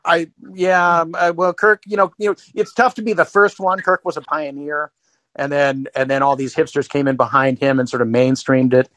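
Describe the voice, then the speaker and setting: A man's voice: on the high side, fairly even intonation, normal speed, a bit bright, no echo. A man co-hosting a casual podcast chat, hesitant and full of fillers.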